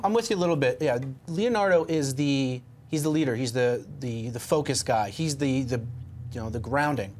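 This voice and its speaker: A man's voice: medium pitch, darkish tone. A man on a casual movie panel, talking in a conversational, emphatic and questioning way. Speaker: panelist, film writer.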